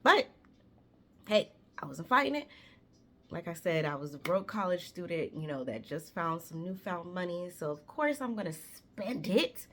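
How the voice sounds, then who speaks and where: Chatty woman around thirty, low voice. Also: normal speed, slight background noise. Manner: chatty, animated, swears freely, talks straight to viewers. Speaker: vlogger telling her own story. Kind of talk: casual storytime vlog.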